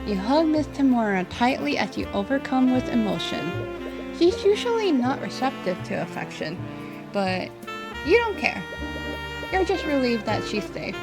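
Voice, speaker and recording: A woman reading a visual novel aloud in a relaxed, chatty way as she plays. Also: sits high, moderate pace, over music. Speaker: gaming creator.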